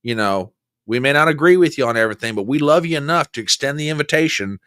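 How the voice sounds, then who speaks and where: A man's voice: medium pitch, animated, fast talker, fairly bright tone, smooth, no room sound, studio quality. A man hosting a political commentary show, ranting with exasperated sarcasm. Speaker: host.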